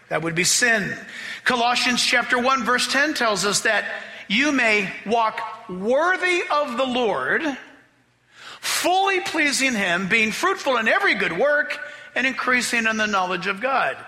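High, bright-voiced preaching man in a hall. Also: lively intonation, normal speed. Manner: emphatic preaching, spells out key words, acts out quoted voices. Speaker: pastor. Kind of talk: sermon.

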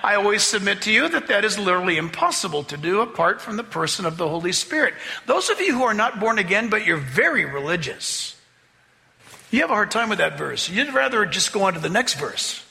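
A man with a very high, bright voice preaches a sermon in a church sanctuary. He swings his pitch widely and drags out key words for emphasis. The sound rings with a long hall reverb. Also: vocal fry. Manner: animated preaching, drawn-out emphasis. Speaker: pastor.

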